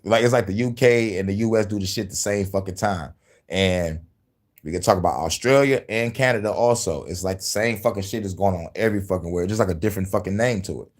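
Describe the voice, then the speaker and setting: A man's voice: sits low, fast. Guy ranting on his show, swearing a lot, laughing between lines. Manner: animated, laughing, cursing. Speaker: host. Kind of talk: profane casual commentary.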